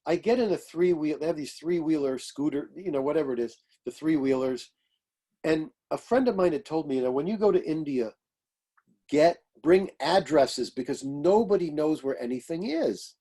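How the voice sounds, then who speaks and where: An older man, an astrologer and author, telling lively stories in an interview and acting out the voices of people he quotes. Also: on the high side, moderate pace. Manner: animated anecdotes, acting out quoted voices, laughing. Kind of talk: storytelling interview.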